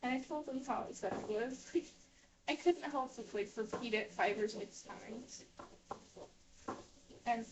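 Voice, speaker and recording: A woman's voice: a little high, a little slow. A woman telling a long personal story in casual, rambling talk, restarting her sentences and filling them with "like" while she washes dishes at home. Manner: rambling with many restarts and fillers. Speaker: vlogger. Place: home kitchen, indoors. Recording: voice distant from the mic.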